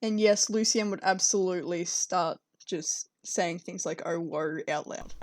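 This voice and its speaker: Young woman streamer, casual and giggly, unhurried delivery, dry close mic. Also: on the low side, darkish tone, dry recording. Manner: rambling, giggly, talks to her cats. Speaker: streamer drawing fan art. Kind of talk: casual chat while drawing.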